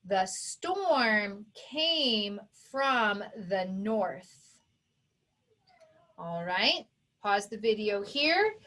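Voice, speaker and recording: A woman teaching a phonics lesson to young children, who sounds out each sound and syllable with slow, careful emphasis. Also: mid-range voice, sing-song, sharp tone. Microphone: recorded for an online video lesson.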